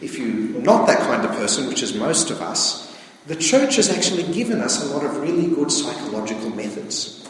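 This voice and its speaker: A man's voice: mid-range voice, sing-song, moderate pace, slight background noise. Male priest, chatty sermon, picked up from a distance in a reverberant church; keeps asking "okay?". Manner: plain-spoken, keeps checking in with "okay". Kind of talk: conversational sermon. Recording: distant, echoey church recording.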